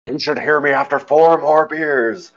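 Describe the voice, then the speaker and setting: A man doing an impression of an older male politician from a cartoon, speaking slowly and drawn out. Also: a little high, voice pushed up. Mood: smug. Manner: slow, drawn-out delivery. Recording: dull lo-fi recording.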